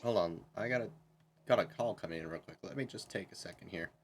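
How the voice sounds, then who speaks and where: A man's voice: deep voice, fast, soft background music. A young man streaming a game, chatting casually in a rambling, self-correcting way. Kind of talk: casual chat while gaming.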